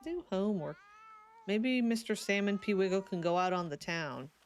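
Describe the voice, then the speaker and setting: A woman's voice: mid-range voice, expressive, moderate pace, slight background noise. A young woman streaming a life-sim game, chatting casually and giggling as she talks to her characters, sleepy and yawning. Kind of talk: casual live game commentary.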